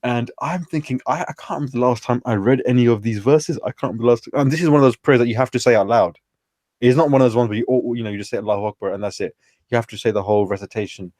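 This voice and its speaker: A man's voice: mid-range voice, rapid-fire, darkish tone, no room sound, studio quality. A man, a guest telling stories in a casual, slangy way full of fillers. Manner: chatty, informal, peppered with slang and fillers. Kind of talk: casual storytelling conversation.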